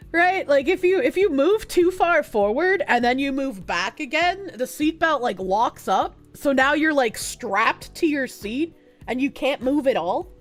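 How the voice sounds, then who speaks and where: A woman's voice: high-pitched, expressive, unhurried, soft background music. Giggly stuffy-nosed woman streamer. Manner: soft-spoken, not loud, giggly, swears casually. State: stuffy nose. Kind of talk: casual live-stream chat, reading chat messages aloud.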